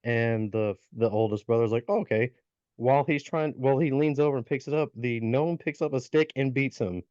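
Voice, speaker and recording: On a podcast with dull, lo-fi sound, a male co-host casually retells a folk tale, full of fillers and restarts. His mid-range voice moves a little fast, with a dark tone and no echo.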